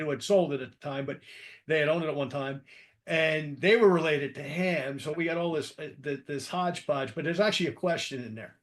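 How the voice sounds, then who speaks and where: A man from New Jersey who hosts an interview podcast and talks in a chatty, rambling way with self-deprecating asides. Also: a little high. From New Jersey, East Coast. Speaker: podcast host. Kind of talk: casual interview conversation.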